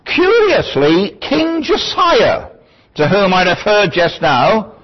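Male Bible teacher, husky and animated, digressive lecturing style, dull lo-fi recording. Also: sits high, takes it slowly. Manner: thoughtful, digressive, lecturing with asides.

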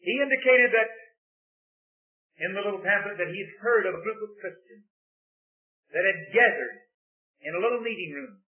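A man from Texas with a Texan accent preaching a sermon, swinging between hushed, quiet passages and loud shouting. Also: high voice. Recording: echoey room on a tinny phone-like line.

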